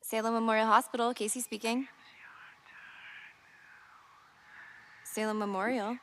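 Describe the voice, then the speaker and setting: An actress playing a young woman nurse on the night shift, talking in a bright, reassuring way in a music video. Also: fairly high pitch, little pitch movement, fast talker, heavy background noise, natural voice. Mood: friendly.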